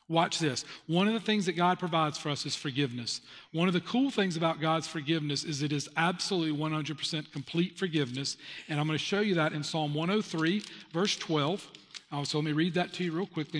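Male pastor, sermon, confessional storyteller, emphatic, slightly high voice, long reverb. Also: a bit bright.

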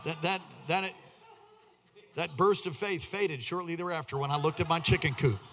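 A man preaching a sermon in an animated, humorous way, building to fervent passages. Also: fairly high pitch, normal speed, a little hiss or hum. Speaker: pastor.

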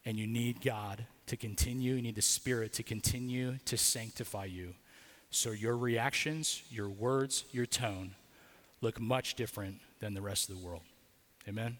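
A man's voice: on the low side, fairly even intonation, unhurried, a bit bright, big-room sound. A man preaching a sermon in a church, telling a personal story with casual fillers and leading a prayer. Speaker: pastor. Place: church building.

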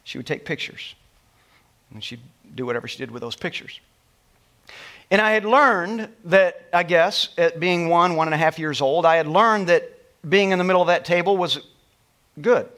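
A middle-aged male preacher with a somewhat high voice tells his congregation a personal story at normal speed. His sermon delivery is emotional, swelling with feeling and then dropping to a soft hush at the tender moments.

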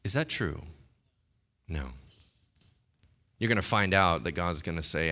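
A man's voice: expressive, measured pace, long pauses. A man preaching a sermon in a casual, conversational way, asking the congregation questions and acting out voices from the text. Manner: rises to loud, high-pitched exhortation.

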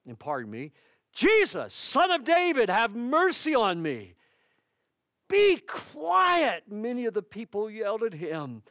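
Animated male pastor preaching. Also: high voice, no room sound. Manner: storytelling preacher who dramatizes quoted shouts; drops to a soft, hushed tone in prayer. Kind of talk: sermon.

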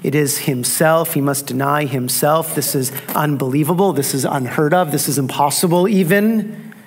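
A man's voice: fairly high pitch, moderate pace, slightly rough. A man. He drives his points home by repeating key phrases and asking the congregation rhetorical questions. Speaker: pastor. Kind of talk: sermon.

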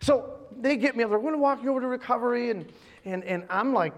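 A man preaching a sermon as the pastor. He tells a personal story with animated storytelling and acts out the lines he quotes. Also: extremely high pitch, quick pace, long reverb tail. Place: church sanctuary.

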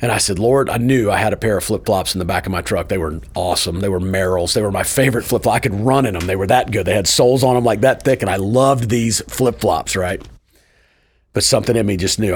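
Middle-aged male pastor, somewhat low voice, animated storyteller who checks in with his listener and laughs easily. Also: fairly quick, breathy edge. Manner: animated storyteller, tags points with "right?"; laughs between lines. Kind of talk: personal storytelling in an interview.

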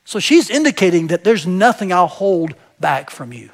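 A male pastor with a notably high-pitched voice delivers a sermon in a relaxed, conversational way. He talks directly to his church and makes his points with everyday examples. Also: normal speed. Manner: conversational, asks the congregation "right?"; explains with everyday examples and some hesitations.

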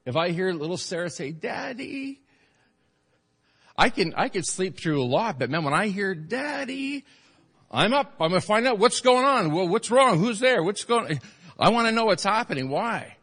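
A man's voice: high voice, lively intonation, brisk, a bit bright, long reverb tail. A middle-aged male pastor preaching a sermon in a church, earnest and emphatic, repeating his phrases for stress. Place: church sanctuary.

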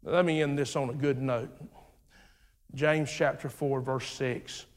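A male pastor delivering a sermon, swinging from rhythmic shouted lines down to low, hushed phrases. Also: steady tone, takes it slowly, big-room sound.

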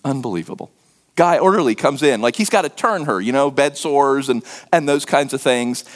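A man preaching a sermon as pastor, telling stories and acting out quotes, sometimes dropping to a hushed near-whisper for emphasis. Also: moderate pace. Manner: storytelling, acts out quotes with sudden pitch jumps.

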